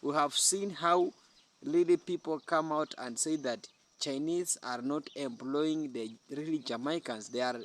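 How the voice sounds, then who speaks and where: A man's voice: on the high side, a little slow, a little hiss or hum. A man giving spoken opinion commentary in an earnest, repetitive way, often restarting his sentences.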